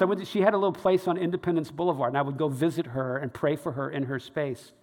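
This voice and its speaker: Pastor, male, fairly high voice, animated storyteller preaching in a large echoing hall. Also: fast. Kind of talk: sermon storytelling.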